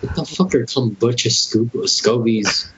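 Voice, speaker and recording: A man's voice: medium pitch, unhurried. A young man co-hosting a casual podcast, rambling and hesitant with many restarts and curse words. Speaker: podcast co-host. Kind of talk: casual chat. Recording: dull lo-fi podcast audio with faint hiss.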